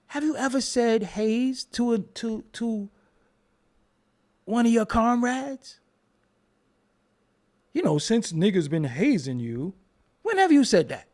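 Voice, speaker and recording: A middle-aged man from Brooklyn, delivering a heated, profane livestream rant. His pitch swings widely as he mocks and taunts, laughing between jabs. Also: big pitch swings, slow pace, pauses often, darkish tone. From Brooklyn, New York. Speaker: livestreamer answering chat.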